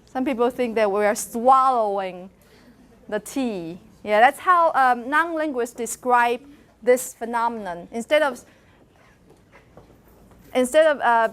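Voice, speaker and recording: Woman, lecturer, unhurried classroom delivery, models pronunciations by repetition. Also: a little high, fairly bright tone, clean tone. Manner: demonstrates sounds by repeating words slowly; switches briefly into Mandarin. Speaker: university phonetics lecturer. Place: lecture hall.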